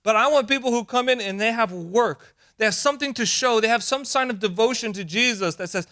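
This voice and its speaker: A man pastor preaching a sermon, animated and emphatic, sometimes acting out quoted voices. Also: very high-pitched, a little fast.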